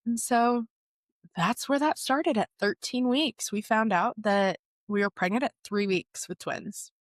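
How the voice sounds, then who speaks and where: A young woman, a podcast guest, retelling a personal story in a lively way and laughing often. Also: on the high side, measured pace, dry recording, studio quality. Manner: animated retelling, laughs often, acts out quotes.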